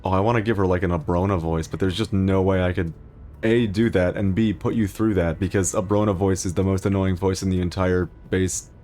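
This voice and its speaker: A man's voice: low voice, fairly even intonation, a little fast, mellow, a little hiss or hum. A man streaming a video game, chatting casually, laughing often and poking fun at himself. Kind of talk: casual gaming commentary.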